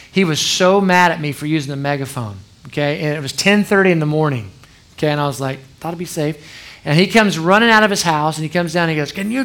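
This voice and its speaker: Middle-aged guy preaching, chatty storytelling sermon, kinda high voice. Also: fairly bright tone. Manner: conversational, storytelling, frequent "okay?" asides. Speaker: pastor.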